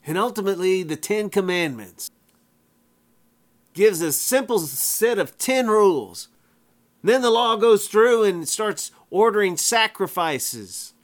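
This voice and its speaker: Slow emphatic preacher man. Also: sits high, animated. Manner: emphatic, repeats phrases for effect, plain folksy wording. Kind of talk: sermon.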